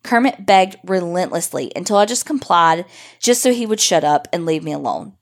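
A woman's voice: on the low side, lively intonation, moderate pace. A woman podcast host reading a listener's story aloud in a wry, profane, conversational way.

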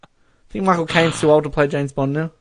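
A man's voice: fairly high pitch, flat delivery, fast, dry recording. A man co-hosting a podcast, chatting casually through a film commentary with a joking, giggly manner. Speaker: podcast co-host.

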